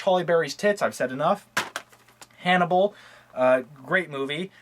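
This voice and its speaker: A man casually touring his movie collection, talking quickly and offhandedly, cracking crude jokes and losing his train of thought. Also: mid-range voice, fairly bright tone, a little hiss or hum. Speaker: movie reviewer. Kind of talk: casual rambling collection tour.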